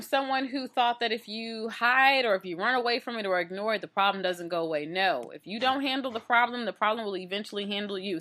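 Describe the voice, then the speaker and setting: A woman hosting a casual talk show, animated and affirming, telling stories and reading out listener questions. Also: medium pitch. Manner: animated, laughs at her own stories, affirming. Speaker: host. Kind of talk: casual chat.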